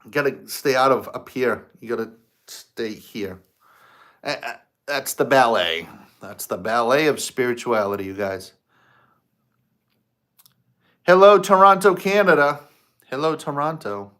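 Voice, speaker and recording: A man's voice: medium pitch, measured pace, fairly bright tone. A man hosting a spiritual livestream, greeting viewers and telling a story in a loose, conversational way. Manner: storytelling, acts out his own past quotes. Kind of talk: casual livestream chat.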